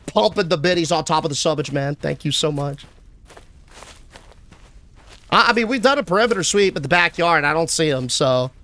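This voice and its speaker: A young man streaming a game live, chatting casually and answering his chat with shout-outs. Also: on the high side, lively intonation, normal speed, long pauses.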